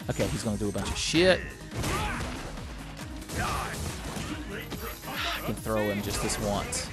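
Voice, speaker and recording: A young man giving casual, profane commentary while playing a fighting game, often shouting his special moves. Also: medium pitch, moderate pace, long pauses, faint music behind. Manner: excitable, profane, yelling move names. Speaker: let's-play commentator.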